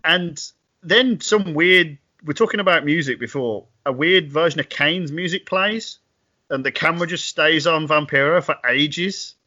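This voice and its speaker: Bright man recapping on a podcast. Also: fairly high pitch, measured pace, lo-fi sound. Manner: recaps events, wry and animated. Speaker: podcast co-host. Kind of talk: casual podcast chat.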